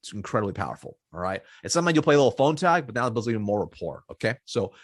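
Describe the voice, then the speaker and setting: Male sales coach, husky mid-range voice, dry close recording, plain direct delivery. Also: on the low side, sing-song, very fast, no room sound. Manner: direct, repeats points, many okays and all rights. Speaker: sales trainer. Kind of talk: casual teaching to camera.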